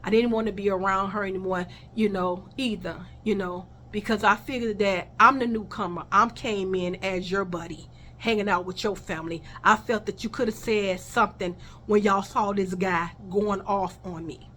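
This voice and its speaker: A woman's voice: medium pitch, fairly even intonation, moderate pace, a bit bright, a little hiss or hum. A woman telling a personal story in a casual vlog, blunt and heated, swearing freely and talking straight to her viewers.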